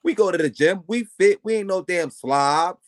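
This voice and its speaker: A man co-hosting a podcast in casual chat, ranting in a profane, animated way. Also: sits high, normal speed. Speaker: podcast co-host.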